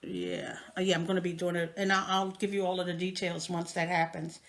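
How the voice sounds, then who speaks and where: Gravelly, fairly low, and level in tone, this woman talks a little fast. She's a New York City live stream host chatting casually from home via a tablet mic, frequently breaking into laughter.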